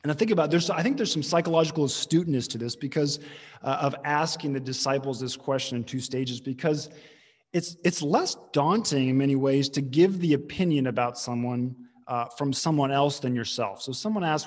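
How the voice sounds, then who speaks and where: A man's voice: mid-range voice, a little fast, slightly rough, in a large hall. A male pastor preaching a conversational, emphatic sermon, restarting phrases as he teaches.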